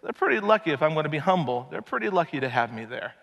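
A man's voice: on the high side, very animated, fast, creaky, fairly bright tone, exaggerated voice. A man voicing a boastful fellow who brags about his charity work, smug and self-congratulating, in a sermon. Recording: long reverb of a large hall.

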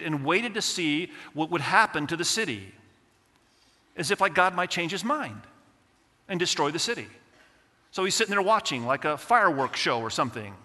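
A man preaching a sermon, reading scripture slowly and asking the congregation questions in a conversational way. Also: a little high, pushed and bright. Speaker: pastor. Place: church sanctuary. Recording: church hall with long reverb.

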